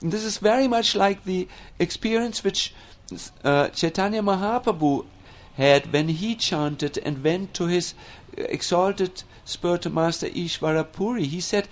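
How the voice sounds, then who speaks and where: A man giving a devotional lecture, telling stories slowly, with frequent fillers and restarts. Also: sits high. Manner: slow, animated storytelling with many fillers and restarts. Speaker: spiritual teacher.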